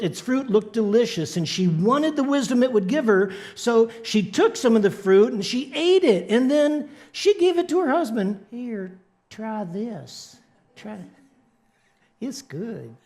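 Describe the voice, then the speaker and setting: A man's voice: extremely high pitch, expressive, normal speed, few pauses, a little mellow. A man preaching a sermon in a church, playful and joking with the congregation. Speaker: pastor. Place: church sanctuary.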